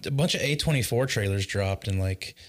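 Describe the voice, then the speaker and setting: A man's voice: lowish voice, brisk. A man hosting a movie podcast in casual, jokey chat, laughing often. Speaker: podcast host.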